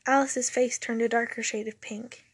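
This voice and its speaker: A woman reads a story aloud in a fairly high voice with a gravelly, husky edge, now and then stumbling over a word and fixing it. The sound is close and dry, with no room around it. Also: steady tone, normal speed, no room sound. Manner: self-correcting slips while reading. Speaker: narrator. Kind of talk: reading a story aloud, doing character voices.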